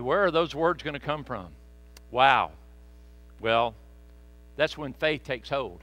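A man preaching a sermon, folksy and animated, with joking asides to the congregation. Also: medium pitch, takes it slowly, pauses often, no room sound. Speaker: pastor.

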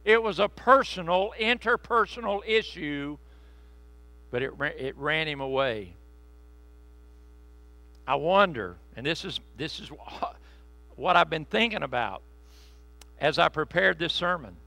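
A man preaching a sermon in a conversational, joking way, slowing down to stress key phrases. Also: a little high, lively intonation, creaky, bright, forceful tone, dry recording. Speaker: pastor.

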